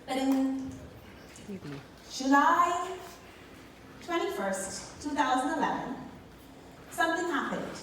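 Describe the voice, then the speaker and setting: A woman's voice: high-pitched, slow, pauses often. A young woman from the Bahamas, telling a personal story on stage and speaking directly to the audience. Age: young adult. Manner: expressive storyteller who talks to the audience. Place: large hall with an audience. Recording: echoey hall from far off, with background noise.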